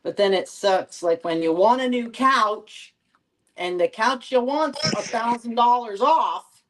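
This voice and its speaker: A woman co-hosting a casual live podcast chat, gently teasing and giving advice. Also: a little high, expressive, measured pace, rough recording. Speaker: podcast co-host.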